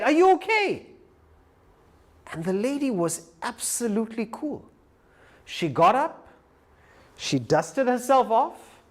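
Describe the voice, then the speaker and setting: A man giving a live lecture who tells a story with animated delivery. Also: high-pitched. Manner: animated storyteller, acts out quoted voices. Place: lecture hall.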